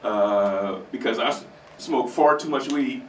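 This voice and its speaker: A man's voice: mid-range voice, measured pace, far from the mic, a little hiss or hum. A man doing a stand-up set at an open mic, talking conversationally to the crowd and laughing at his own jokes, recorded in a roomy small theater from afar. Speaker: stand-up comedian.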